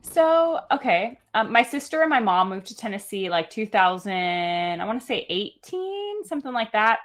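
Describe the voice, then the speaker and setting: A woman from California chatting as a stream guest, telling stories in a lively, animated way. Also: a little high, normal speed. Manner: chatty, animated storytelling with playful put-on accents. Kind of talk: casual chat.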